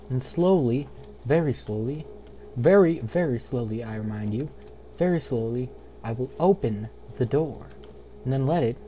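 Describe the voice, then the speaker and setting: A young man drawls through casual gameplay commentary at an unhurried pace, his voice mellow and soft-edged. He rambles and goofs around, swearing freely, recorded at home on a desktop mic with a faint hiss underneath. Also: medium pitch. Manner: rambling, goofy, swears a lot. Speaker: let's play commentator.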